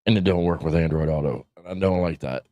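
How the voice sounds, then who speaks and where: Talking at a quick pace, this middle-aged podcast host has a low, warm voice with no echo. His casual livestream is rambling and profane, punctuated by frequent laughs, and the stream audio is dull and lo-fi.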